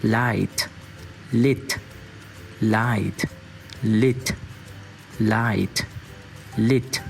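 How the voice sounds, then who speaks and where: Guy teaching english vocab, super slow, repeats each word, faint music behind. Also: lowish voice, steady tone, vocal fry. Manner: slow, deliberate repetition of words. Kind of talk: vocabulary drill lesson.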